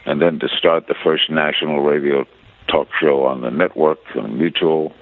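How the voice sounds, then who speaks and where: Elderly male broadcaster guest, very low voice, anecdotal, phone-quality audio. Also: steady tone, no echo. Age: 80s. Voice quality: very deep voice. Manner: unhurried anecdotal storyteller with frequent uh fillers. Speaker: interview guest, veteran broadcaster. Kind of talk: storytelling reminiscence. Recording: tinny phone-line audio.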